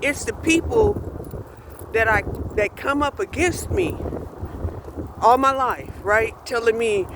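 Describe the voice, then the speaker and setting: A woman's voice: a little high, animated, takes it slowly, long pauses, background noise. A woman in her sixties speaking bluntly in a candid personal monologue, often checking in with "right?" and "you know". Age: 60s. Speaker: vlogger.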